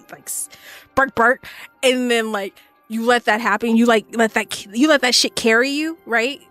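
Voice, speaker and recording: A woman in her twenties streaming a game and chatting in a loose, slangy, profane way, laughing often. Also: mid-range voice. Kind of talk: casual gaming stream chat.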